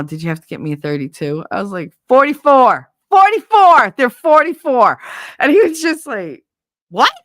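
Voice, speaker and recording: Woman host, mid-pitched, swears freely, chatty storyteller with a dry sound. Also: vocal fry, fairly bright tone, no room sound. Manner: blunt, profane, laughing anecdotes. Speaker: livestream host. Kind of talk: casual storytelling chat.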